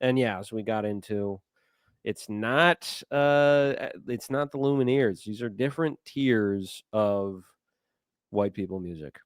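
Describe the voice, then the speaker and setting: A man's voice: on the low side, takes it slowly, dry recording, clean studio sound. A man co-hosting a podcast, chatting casually with many fillers and restarts. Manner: rambling, hesitant, many fillers. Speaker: podcast co-host. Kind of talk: casual chat.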